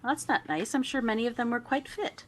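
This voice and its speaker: A woman's voice: a little high, fast, a little hiss or hum. A woman co-hosting a casual chat who laughs often, jokes around and reads viewer comments aloud. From Pittsburgh area. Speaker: podcast co-host.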